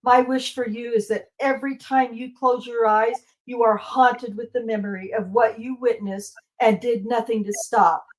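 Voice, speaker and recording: A woman's voice: a little high, fairly even intonation, moderate pace, hardly any pauses, rough recording. A middle-aged woman, a grieving mother, reading a bitter victim impact statement aloud in a courtroom. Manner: grieving, bitter, reads a prepared speech.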